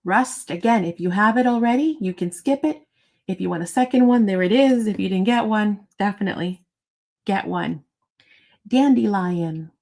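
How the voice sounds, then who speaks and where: A woman's voice: medium pitch, lively intonation, normal speed, vocal fry, darkish tone, poor audio. A woman hosting a live online sale, talking in a bubbly, chatty way and thinking aloud as she goes. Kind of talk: casual live-sale chat.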